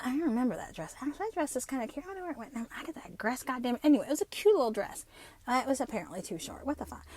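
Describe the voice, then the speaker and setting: Animated, profane woman in her fifties. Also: a little high, no room sound. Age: 50s. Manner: profane, animated storytelling with laughs. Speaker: podcast host. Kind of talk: casual solo chat.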